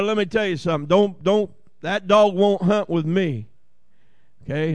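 A man's voice: high voice, moderate pace, a little mellow, no echo. A man with a Southern Ohio accent preaching a sermon, folksy and joking, often asking the congregation "Amen?". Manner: folksy, jokey asides and repeated "Amen?" to the congregation. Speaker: pastor.

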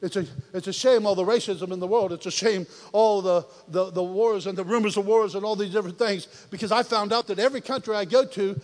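High-voiced man preaching in a reverberant hall. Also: brisk, hardly any pauses. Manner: animated and joking, acts out voices. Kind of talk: sermon. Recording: long reverb of a large hall.

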